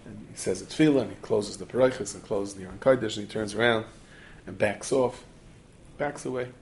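A man telling a Torah story in the manner of a sermon, animated and studded with Yiddish and Hebrew terms, acting out the characters. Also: lowish voice, fairly quick, a little hiss or hum.

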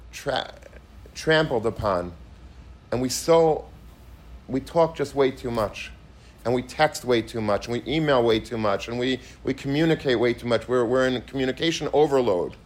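A man's voice: mid-range voice, normal speed. A man, a rabbi, giving an emphatic sermon. He repeats himself, restarts his phrases, and mixes in many Hebrew and Yiddish terms. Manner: emphatic, repetitive, with frequent restarts.

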